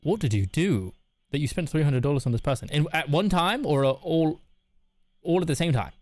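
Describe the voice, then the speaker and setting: A man's voice: fairly high pitch, lively intonation, a little fast, no echo. A man streaming live, chatting casually and candidly with his viewers while reading their messages, laughing often. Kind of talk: casual chat.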